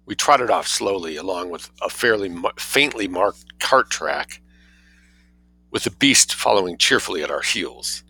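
Man, low gravelly voice, expressive storytelling, lively pitch, dry close sound. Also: measured pace, no echo, poor audio. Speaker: reader. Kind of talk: audiobook narration.

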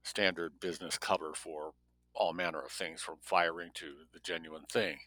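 A man with a lowish, bright and forceful voice reading a novel aloud. He stops now and then for wry asides on the story. The sound is dry and close. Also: fairly even intonation, normal speed, no echo, rough recording. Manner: breaks off reading for wry spoken comments. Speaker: story reader.

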